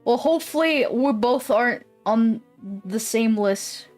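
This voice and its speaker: A woman's voice: a little high, expressive, a little slow, a little mellow, faint music behind. A woman streamer chatting casually with her viewers. She rambles, swears often and laughs easily. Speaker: live streamer. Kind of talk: casual live-stream chat.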